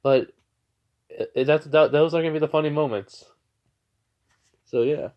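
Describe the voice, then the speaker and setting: A man's voice: fairly high pitch, normal speed, muffled recording. A young man casually telling a fan fiction story, rambling with fillers and restarts.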